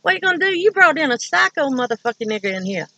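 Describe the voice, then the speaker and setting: A woman voicing a volatile, threatening street man in a rough, profane style of talk. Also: sits high, sing-song, fast talker, pushed and bright, no echo, voice pushed up, full character voice, rough recording. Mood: menacing.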